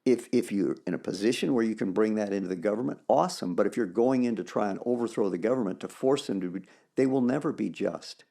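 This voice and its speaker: A man co-hosting a podcast, talking about faith in an animated, emphatic way and quoting scripture. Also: lowish voice, fast, vocal fry, few pauses. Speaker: podcast co-host. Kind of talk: casual faith discussion.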